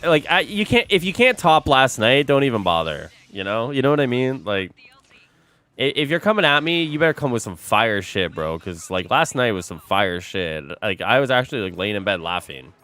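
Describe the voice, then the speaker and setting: A young man on a stream talks casually to his audience in a medium-pitched voice at normal speed. He's lively and profane, calling everybody bro over and over.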